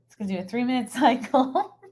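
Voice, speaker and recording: A woman's voice: on the high side, lively intonation, brisk, darkish tone. A woman comedian chatting casually on a live stream in a hotel room, rambling and scatterbrained with plenty of fillers. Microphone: microphone set up for streaming.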